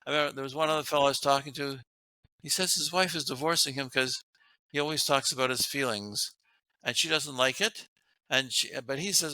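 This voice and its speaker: A man's voice: medium pitch, fairly quick, pushed and bright, dry recording. A man, a guest author, talking earnestly about relationships and laughing often as he makes his points. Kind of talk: casual interview talk.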